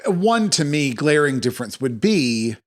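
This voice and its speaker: A man's voice: fairly high pitch, big pitch swings, normal speed. A man co-hosting a casual podcast, telling playful stories about his nieces and laughing along. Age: adult uncle of young nieces. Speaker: podcast co-host. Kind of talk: casual chat.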